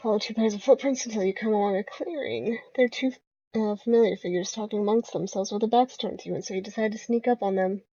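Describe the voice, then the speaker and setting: A woman's voice: mid-range voice, fast talker, mellow, husky, no echo. A young woman reading a dating game's text aloud, with casual asides. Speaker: game player reading aloud. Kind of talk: let's-play narration. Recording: dull lo-fi home recording.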